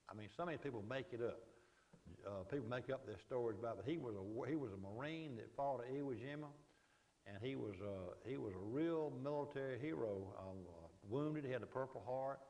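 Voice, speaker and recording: Older Southern man, folksy raconteur, middle pitch, big hall reverb. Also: animated, fairly quick, warm tone. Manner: folksy, anecdotal, frequent "you know". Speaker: guest speaker. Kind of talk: storytelling lecture. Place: lecture hall.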